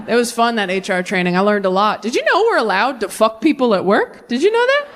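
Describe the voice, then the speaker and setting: A young woman doing live stand-up and crowd work, brash and profane, with quick tangents. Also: mid-range voice, animated, fairly bright tone, a little hiss or hum. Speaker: stand-up comedian. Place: comedy stage before a live audience.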